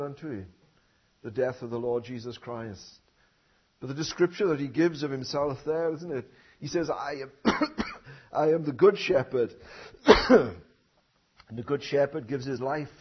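A man preaching a sermon, often tagging his points with questions and building up to loud emphatic phrases. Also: mid-range voice, slightly rough, muffled recording. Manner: rhetorical tag questions, swelling emphasis.

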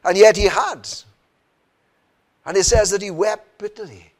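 High-voiced earnest male preacher. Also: measured pace. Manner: earnest, rhetorical questions, frequent "you know" and "isn't it". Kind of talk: sermon.

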